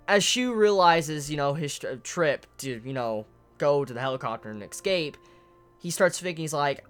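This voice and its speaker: Excited manga reviewer ranting about a chapter, swears a lot, faint music behind. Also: medium pitch, fairly quick. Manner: excitable and emotional, swears often. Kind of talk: casual spoken chapter analysis.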